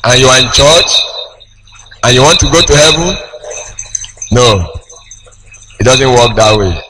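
A man preaching a sermon, slow and emphatic, with big swings in pitch as he tells a story. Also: animated. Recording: noisy background with clicks.

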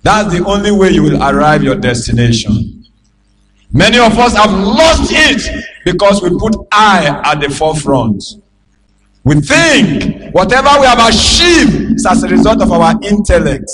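High-pitched, slow-preaching Nigerian pastor. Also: male voice, very animated, a little hiss or hum, poor audio. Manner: emphatic call-and-response preaching, bursts of shouting. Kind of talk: sermon.

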